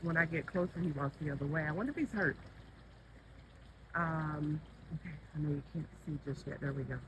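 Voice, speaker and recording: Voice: mid-range voice, a little fast. A gardening vlogger talking aloud outdoors in their own garden, a little out of breath, chatty and startled, speaking to an animal. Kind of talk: casual handheld vlog commentary. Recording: outdoor audio with clear traffic noise.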